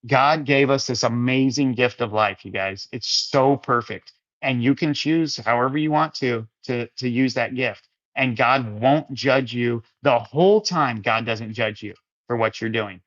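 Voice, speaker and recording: A man's voice: medium pitch, a little slow, a bit bright. A man hosting a casual Christian livestream chat, answering viewer comments in a rambling, easygoing way and calling listeners his friends and brothers. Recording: dull lo-fi sound.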